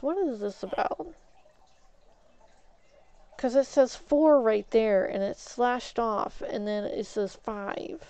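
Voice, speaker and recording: A woman streamer tells a story slowly and at length, with a mellow, dark voice that is smooth and clear. She swaps in mild stand-ins for swear words as she chats. Her mic sounds a little dull and lo-fi. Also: a little high. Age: adult, has an ex-husband. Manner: rambling, avoids swearing with "flip". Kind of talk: casual storytelling while gaming.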